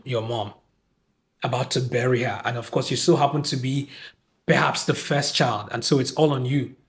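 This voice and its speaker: A man with a Nigerian accent hosting a podcast, giving a casual, exasperated film review and acting out lines from the film. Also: medium pitch. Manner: animated, exasperated, acts out quoted lines.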